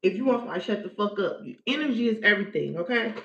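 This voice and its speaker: A woman's voice: mid-range voice, expressive, racing, a bit bright, a little hiss or hum. A woman giving blunt, profane, emphatic how-to instructions in a casual livestream. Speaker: spiritual practitioner. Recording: echoey room, dull lo-fi sound.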